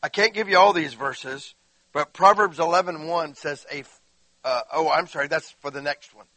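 Preaching at normal speed in a fairly high voice, a pastor tells his sermon's stories conversationally, acting out the quotes and speaking straight to the listeners with frequent questions. No room sound comes through on the rough recording.

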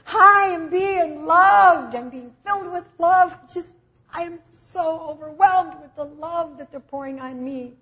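A woman preacher voicing Jesus as a joyful man overwhelmed with love, in high, emotional exclamations, on a dull lo-fi recording. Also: measured pace, long pauses, dark tone, husky.

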